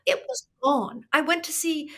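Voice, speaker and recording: An older artist on a podcast talks in a high-pitched, unhurried, somewhat bright voice. Tears come as she tells her story reflectively and conversationally, with thoughtfulness and emotion, restarting her sentences frequently.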